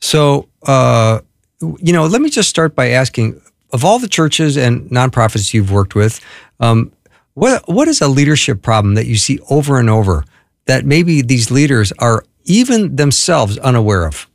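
A male show host who introduces his guest and asks questions, friendly and quick to laugh, with loose phrasing. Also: mid-range voice, big pitch swings, creaky, no echo, studio quality. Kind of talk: interview hosting.

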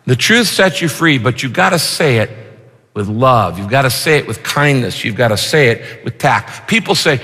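Animated male preacher in a big hall. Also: fairly high pitch, moderate pace. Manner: animated, punchy rhyming lines. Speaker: pastor. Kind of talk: sermon. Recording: long reverb of a large hall.

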